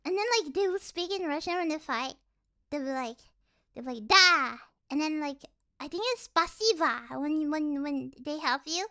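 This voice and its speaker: A woman's voice: high voice, moderate pace. A young woman streaming casually, rambling and giggly, with lots of fillers. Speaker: virtual streamer. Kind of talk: casual livestream chat.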